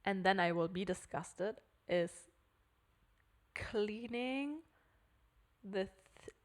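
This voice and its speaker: A young German-speaking woman co-hosts a casual English-language podcast, her voice medium in pitch and her delivery extremely slow. She often pauses to find her words.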